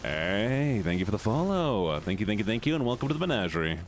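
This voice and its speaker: A man live-streaming a game, chatting casually with his viewers, greeting them by name and reacting loudly to the game. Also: fairly low pitch, very animated, quick pace, faint music behind. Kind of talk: casual live-stream chat while gaming.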